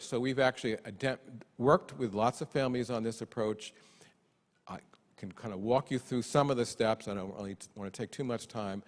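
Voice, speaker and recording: Male conference speaker, mid pitch, playful and self-deprecating, long hall reverb. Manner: lively, self-deprecating humor, acts out parents' voices. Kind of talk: conference keynote talk.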